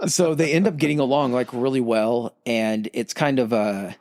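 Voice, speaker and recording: A man casually retelling a myth on a podcast, swearing freely and slipping into quick character voices. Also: medium pitch, steady tone, darkish tone, dry recording, studio quality. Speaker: podcast co-host. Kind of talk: casual storytelling chat.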